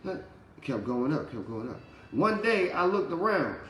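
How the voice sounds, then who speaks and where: A man's voice: a little high, very animated, moderate pace, a bit bright, roomy sound, slight background noise. A man giving a casual motivational talk, telling his story with slang and swearing. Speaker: motivational speaker.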